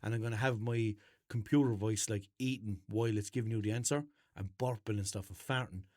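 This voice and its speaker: Rambling Irish lad joking on a podcast. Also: male voice, fairly low pitch, fairly even intonation, brisk, darkish tone, no echo, studio quality. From Ireland. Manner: rambling, jokey, mock-serious. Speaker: podcast host. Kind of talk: unscripted comedic monologue.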